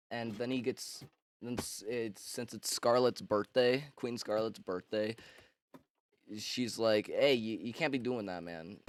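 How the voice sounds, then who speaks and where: A man's voice: on the low side, a little hiss or hum. A man casually recapping a story for laughs, rambling and swearing, with lots of fillers and restarts. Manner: rambling, slangy and profane, with frequent fillers and restarts. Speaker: book summarizer.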